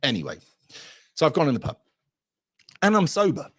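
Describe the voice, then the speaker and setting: A man's voice: a little high, huge pitch swings, moderate pace, a bit bright, husky. A middle-aged man, ranting bluntly and profanely to camera as a channel host and retelling a pub story. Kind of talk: casual ranting vlog.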